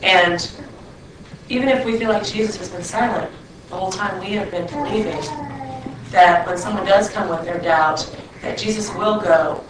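A woman's voice: medium pitch, moderate pace. Earnest woman heard from across an echoey room. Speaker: Bible study participant. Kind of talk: group discussion. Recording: distant, echoey room with noise.

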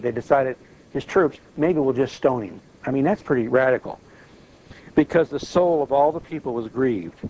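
A man's voice: mid-range voice, a little mellow, a little hiss or hum, rough recording. An older man preaching a sermon, telling the story in a folksy, emphatic way.

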